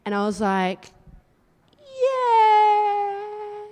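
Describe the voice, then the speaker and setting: An Australian woman doing a live stand-up set, chatty and teasing the crowd, with deadpan asides. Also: a little high, moderate pace, lo-fi sound. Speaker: stand-up comedian. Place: live comedy venue. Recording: live room with long reverb.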